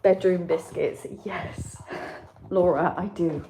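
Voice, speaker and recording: A woman's voice: on the low side, steady tone, slow pace, noisy background. A woman with a Yorkshire accent chatting casually on a livestream from home, self-mocking and swearing freely. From England. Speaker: livestream host. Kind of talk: casual chat with live chat. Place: home room. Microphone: computer mic.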